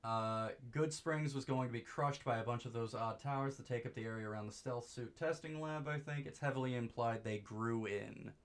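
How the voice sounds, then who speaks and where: A young man giving goofy, rambling let's play commentary, breaking into excited high-pitched exclamations. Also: normal speed, few pauses. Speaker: streamer.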